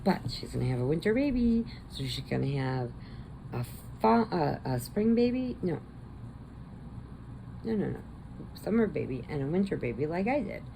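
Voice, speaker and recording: A middle-aged woman chatting casually as a crochet vlogger, telling family stories with animated quoted voices. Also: fairly low pitch, creaky, a little hiss or hum, rough recording. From American Midwest. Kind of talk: casual chat.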